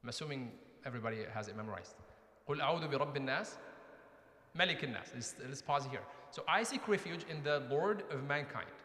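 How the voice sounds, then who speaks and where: A man delivers a conversational lecture in a mosque hall, his voice sitting slightly high. He often turns to the audience with questions. The recording carries the echo and long reverb of the large hall. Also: fairly bright tone.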